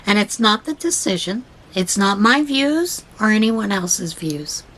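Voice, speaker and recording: A woman's voice: medium pitch, expressive, measured pace, fairly bright tone, poor audio. A woman hosting a crafting podcast, telling a rambling story full of fillers and reading a devotional aloud. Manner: chatty, storytelling with many fillers; reads devotional passages aloud. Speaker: podcast host. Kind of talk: casual rambling chat.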